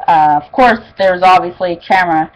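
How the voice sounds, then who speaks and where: A woman's voice: fairly low pitch, fairly quick, lo-fi sound. Chatty young woman recapping an episode. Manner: chatty and excitable, lots of "like" and "oh my god". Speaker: fan reviewing an episode.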